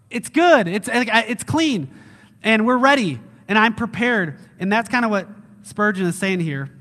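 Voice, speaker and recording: A male lead pastor preaching a casual, animated sermon who acts out excited quotes. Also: high-pitched, big-room sound. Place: church hall.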